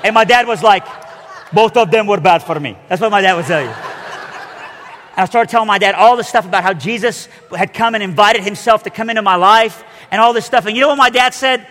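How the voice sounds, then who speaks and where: A man's voice: high voice, brisk, pushed and bright, long reverb tail. A man preaching a sermon, telling his story with animation and acting out the voices of the people in it.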